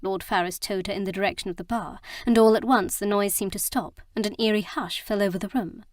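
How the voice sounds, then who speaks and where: A woman's voice: medium pitch, steady tone, brisk, no echo. Woman narrating a romance audiobook.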